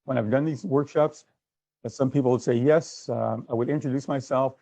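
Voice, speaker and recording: A man's voice: mid-range voice, fairly even intonation, moderate pace, creaky, dark tone, dry recording. A man giving a sales training workshop, conversational, acting out little exchanges as he goes. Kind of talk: workshop talk.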